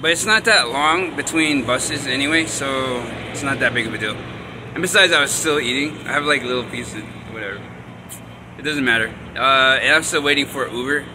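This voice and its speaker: A man chatting casually into his phone for a vlog, rambling and restarting his sentences often. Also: mid-range voice. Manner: rambling, halting with many restarts. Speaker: vlogger. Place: outdoors at an urban bus stop. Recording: street traffic noise. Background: traffic noise.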